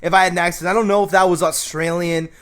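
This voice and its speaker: Brash, crude-joking man host, higher voice. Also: steady tone, quick pace, fairly bright tone, smooth. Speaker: YouTube host. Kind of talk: comedic advice vlog and gameplay commentary.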